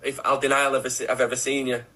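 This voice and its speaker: Man doing a London crook voice, gruff, conspiratorial, bright, husky. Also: mid-range voice, flat delivery, rapid-fire. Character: shady London pub crook, middle-aged man, menacing.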